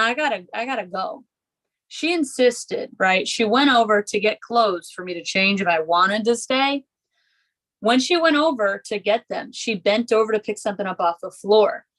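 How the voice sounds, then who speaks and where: A woman doing stand-up on a club stage, telling rambling personal stories into a handheld mic. Her voice sits at a middle pitch, and her delivery is loose and chatty, full of fillers. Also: a bit bright, low-quality recording. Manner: conversational storytelling with many fillers. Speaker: stand-up comedian. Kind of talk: stand-up comedy set.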